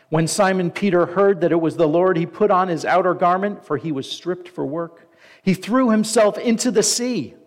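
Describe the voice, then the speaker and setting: A man preaching a sermon. He reads scripture aloud, slows down for the quoted lines, and stops now and then to comment. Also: a little high. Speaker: pastor.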